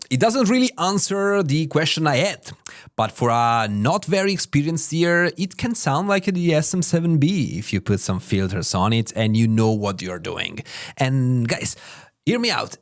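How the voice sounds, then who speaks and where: A man with an Italian accent giving a casual, chatty review of microphones, full of fillers. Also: fairly high pitch. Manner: chatty, informal, frequent fillers. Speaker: tech reviewer. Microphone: studio microphones being tested.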